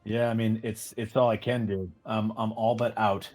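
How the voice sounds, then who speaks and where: Low-voiced guy playing a tabletop game, casual, thinking out loud. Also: flat delivery, normal speed, faint music behind. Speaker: player.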